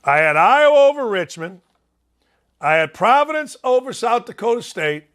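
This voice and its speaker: Chicago-accented male sports host, high voice, blunt and fired-up, rambling solo talk. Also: very animated, normal speed, fairly bright tone. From Northwest Indiana.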